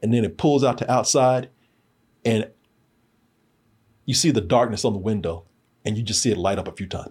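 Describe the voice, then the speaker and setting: A man hosting a podcast in casual chat, animated and laughing often as he acts out scenes. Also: on the low side, normal speed, pauses often, slightly rough. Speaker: podcast host reviewing a show.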